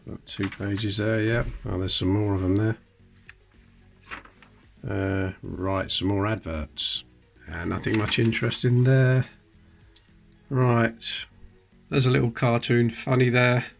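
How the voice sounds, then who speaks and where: A man's voice: lowish voice, fairly even intonation, takes it slowly, creaky, pauses often, soft background music. A man hosting his hobby channel, leafing through an old magazine in casual commentary with chatty, wry asides. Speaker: coin-collecting channel host. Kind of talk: casual show-and-tell commentary.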